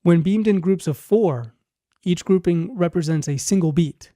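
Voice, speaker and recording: A man narrating a scripted music lesson, explaining clearly and at a measured pace. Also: high-pitched, warm tone, no echo, studio quality. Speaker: music teacher.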